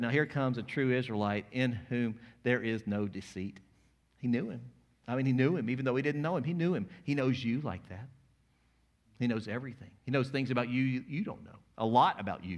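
A man with a mid-range voice preaches a sermon as a pastor. His delivery swings between quiet, intimate lines and loud, emphatic passages.

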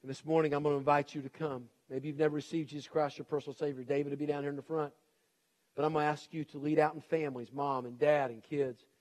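A man's voice: fairly high pitch, flat delivery, quick pace, darkish tone. Earnest pleading male pastor preaching. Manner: earnest and pleading, with repeated urgent appeals. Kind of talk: sermon.

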